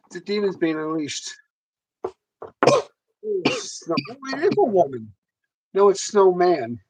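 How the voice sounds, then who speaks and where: A man's voice: high voice, wildly swooping pitch, slow, pauses often, background noise. A man with a Southern US accent hosting a livestream, joking and teasing his co-host in casual chat.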